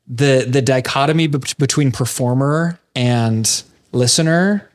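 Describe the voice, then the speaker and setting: Young man, podcast guest, casual chat, reflective and thoughtful, mid-pitched. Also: measured pace. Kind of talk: casual conversation.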